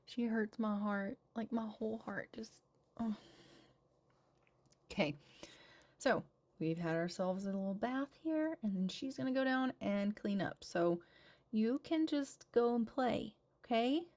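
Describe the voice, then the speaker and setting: Her voice is fairly high, darkish, and expressive, and she takes her time. This gaming channel host speaks into a home voice-over mic while playing a life-simulation game, casually chatting with her characters and cooing at them.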